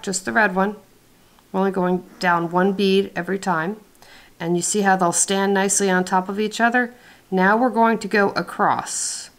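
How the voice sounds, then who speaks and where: A woman with a slightly low voice talks through a beading tutorial in a calm, methodical way. She explains each step plainly, like a patient teacher at her work table. The sound comes from a camera mic indoors. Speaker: beadwork tutorial host. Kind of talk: step-by-step craft tutorial narration.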